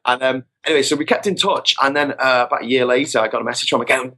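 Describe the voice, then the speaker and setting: A man's voice: mid-range voice, steady tone, fast talker, few pauses, bright, forceful tone. A man telling rambling, self-mocking travel anecdotes as a podcast guest. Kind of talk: casual storytelling. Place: podcast recording.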